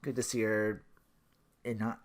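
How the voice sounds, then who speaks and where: A man's voice: on the low side, level tone, unhurried. A man hosting his own podcast, talking alone in a rambling, self-deprecating way and often tripping over his words. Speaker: podcast host. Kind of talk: casual solo podcast monologue.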